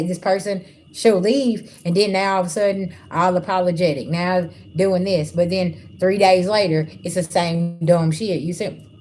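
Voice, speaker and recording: A woman's voice: on the low side, darkish tone, slight background noise. A woman doing a livestream spiritual reading, talking bluntly and casually to her viewers. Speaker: spiritual reader. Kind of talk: livestream tarot-style reading.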